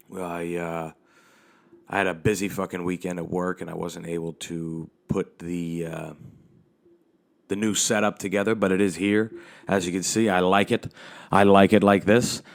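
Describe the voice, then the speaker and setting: Male comic hosting his own podcast: very low voice, loose and rambling, swears freely, talking into a handheld mic. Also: clean tone. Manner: rambling and profane, with frequent restarts. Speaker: comedian and podcast host. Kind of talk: casual comedic storytelling. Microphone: handheld microphone.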